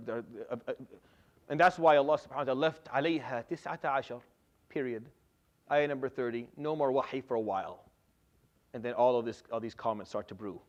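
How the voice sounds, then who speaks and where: A middle-aged man giving a religious lesson as a Quran teacher, animated, often repeating and restarting words, with Arabic terms mixed in. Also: mid-range voice.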